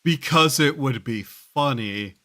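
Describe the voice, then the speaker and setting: A man's voice: mid-range voice, takes it slowly, pushed and bright. A man streaming a game, chatting casually in a rambling, wry and self-mocking way, with offhand swearing. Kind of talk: casual live-stream chatter while gaming.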